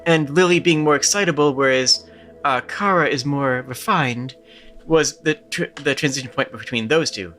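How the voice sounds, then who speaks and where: A man's voice: fairly high pitch, expressive, normal speed, sharp tone. A man streaming a retro game, chatting about how he voices its characters, with faint music behind. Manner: chatty, explaining with frequent restarts.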